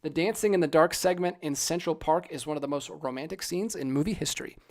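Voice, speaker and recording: A man in his thirties hosting a casual live stream, animated and ranting with jokey asides while reading out chat. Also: fairly high pitch, fast talker. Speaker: livestream host.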